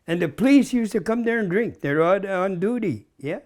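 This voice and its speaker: A Canadian man in his nineties speaks with a high-sitting, slightly mellow voice, animated and at a moderate pace. As an interview guest he reminisces through old stories, chuckling often and tagging lines with "eh."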